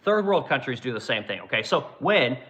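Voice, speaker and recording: A man's voice: medium pitch, big pitch swings, brisk, fairly bright tone, lo-fi sound. A man in his forties from Oregon hosting a livestream, ranting in casual, profane commentary. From Oregon, USA. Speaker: livestream host and business owner.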